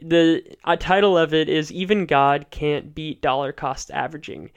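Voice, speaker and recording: Smooth-voiced male podcast host. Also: on the high side, fairly even intonation. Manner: measured, explanatory, enthusiastic about guests. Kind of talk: solo podcast recap.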